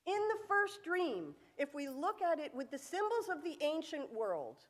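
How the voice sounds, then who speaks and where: A woman's high voice swings widely in pitch and moves a little slowly as she gives a sermon. Standing in a synagogue sanctuary with echoey acoustics, she tells a story through vivid acted-out quotes and rhetorical questions.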